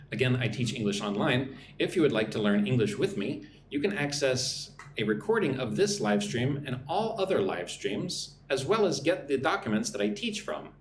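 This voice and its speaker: An American man teaching business English on a live stream, speaking slowly and clearly and often checking in with "right?". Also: mid-range voice, very animated, reverberant, slight background noise. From United States.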